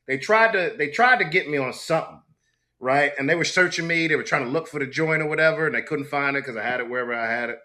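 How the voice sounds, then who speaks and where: A middle-aged man guest in a casual interview, telling a story with lively acted-out quotes. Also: fast talker. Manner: animated storyteller, acts out quotes with big pitch jumps. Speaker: actor guest.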